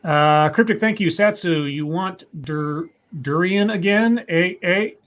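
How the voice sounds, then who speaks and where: A man with a high, slightly bright voice speaks slowly while co-hosting a live stream. He reads viewer messages aloud and chats casually, rambling and restarting often.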